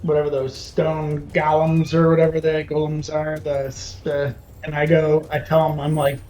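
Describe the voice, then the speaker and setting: A man playing a tabletop game who talks in a halting way, thinking aloud as he decides. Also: a little high, completely flat delivery, darkish tone. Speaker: player. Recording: roomy echo, faint music behind.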